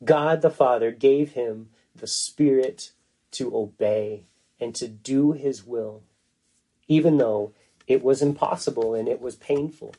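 Male preacher, earnest and emphatic sermon delivery, relaxed dark tone. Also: medium pitch. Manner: earnest, emphatic, with slow stressed phrases.

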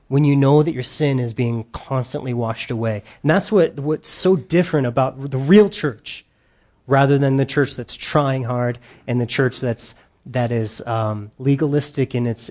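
Male pastor, sermon delivery: emphatic and earnest with light asides, a fairly high voice for a man. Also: a little mellow.

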